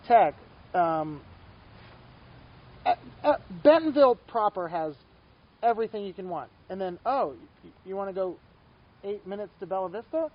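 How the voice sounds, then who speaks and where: A man's voice: sits high, dull audio, a little hiss or hum. A man from Texas giving a casual testimonial interview, talking with eager enthusiasm and rambling from one thought to the next. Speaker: shop customer and ambassador.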